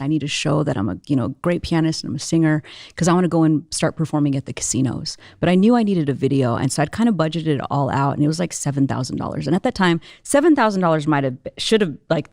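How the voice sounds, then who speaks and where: A young adult woman recounting her story as an interview guest, her voice dry and close with little room sound. She talks in a lively, quick rush of fillers and restarts, swinging her pitch up when she acts out scenes. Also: dry recording. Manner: animated, fast storytelling with many fillers. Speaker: guest entrepreneur and musician.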